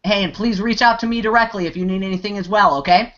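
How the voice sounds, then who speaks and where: A man's voice: high voice, fairly even intonation, fast talker, fairly bright tone, a little hiss or hum. Guy hosting a live video q&a, rambles a lot, keeps restarting, muffled lo-fi call audio. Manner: rambling, many restarts and fillers. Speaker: host. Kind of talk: live online Q&A. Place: online video hangout.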